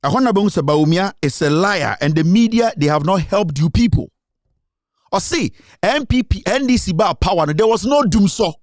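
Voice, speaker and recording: Ghanaian male commentator, high voice, emphatic and insistent, dry close sound. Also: lively intonation, moderate pace, no room sound. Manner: emphatic, code-switching, reads out quotes. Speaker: political commentator. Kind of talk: political commentary.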